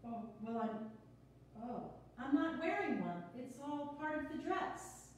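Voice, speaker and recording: Picture a woman reading a jittery, talkative songwriter who laughs at her own jokes. Her voice sits high and quick. The sound is roomy and echoey, caught from some way off the mic, with a little background noise. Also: animated. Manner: quick, jittery, self-mocking, laughs often. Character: nervous chatty young woman lyricist. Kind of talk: reader's theater play reading. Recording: echoey room, far from the mic.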